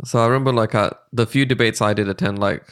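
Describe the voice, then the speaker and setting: A man's voice: lowish voice, fairly even intonation, quick pace, fairly bright tone, clear, resonant tone. A man in his twenties co-hosting a podcast, casual and self-deprecating, who laughs easily and fills his talk with "like". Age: 20s. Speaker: podcast co-host. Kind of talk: casual chat.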